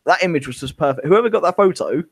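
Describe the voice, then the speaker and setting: A man's voice: fairly high pitch, expressive, quick pace, no echo. A man co-hosting a podcast, chatting casually and gushing with enthusiasm. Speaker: podcast co-host. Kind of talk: casual fan discussion.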